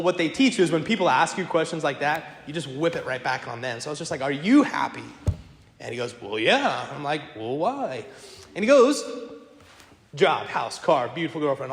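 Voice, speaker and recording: Priest preaching, animated and wry, fairly high voice, echoey church. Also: male voice. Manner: animated, self-deprecating humor, quick asides. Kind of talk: lively sermon with storytelling. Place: large church.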